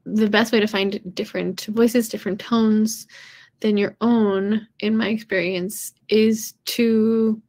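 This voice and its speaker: A woman's voice: mid-range voice, fairly even intonation, unhurried, a little mellow. Chatty young woman teaching voice. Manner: chatty and rambling, many ums, laughing at herself. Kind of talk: casual live-streamed singing lesson.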